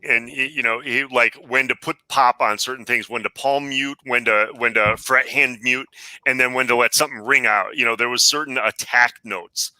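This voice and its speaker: A man's voice: medium pitch, fairly even intonation, normal speed, sharp tone, no room sound, rough recording. A man co-hosting a casual music chat, talking with enthusiasm as a fan.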